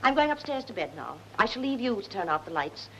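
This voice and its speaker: Brisk, scolding wife, as a woman plays her. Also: fairly high pitch, big pitch swings, fairly bright tone, lo-fi sound, a little hiss or hum. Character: brisk, sensible English wife losing patience.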